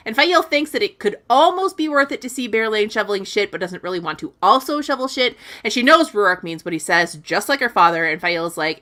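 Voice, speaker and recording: A woman podcast host with an expressive, pushed, bright mid-range voice gives a profane, comedic recap of a book chapter. Her retelling is quick and sassy, full of voiced quotes.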